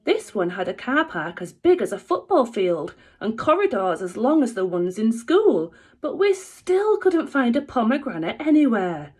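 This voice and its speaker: Expressive woman reading a children's book. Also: a little high, moderate pace, hardly any pauses, slightly rough. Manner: expressive, animated. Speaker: teacher reading aloud.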